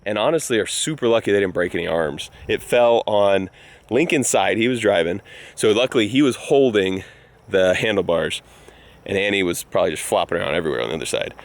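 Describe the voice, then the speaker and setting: A man hosting a casual vlog, telling stories in a lively way and acting out the dialogue. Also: lowish voice. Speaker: vlogger host. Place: on a ranch, in and around a barn.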